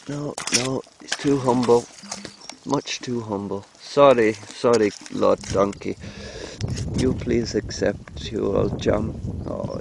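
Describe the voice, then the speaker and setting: Out in a cold field, a man vlogging animals keeps up a loose, joking, rambling commentary to the camera, now and then breaking into chanted mantras. His mid-range voice is creaky, with background noise behind him.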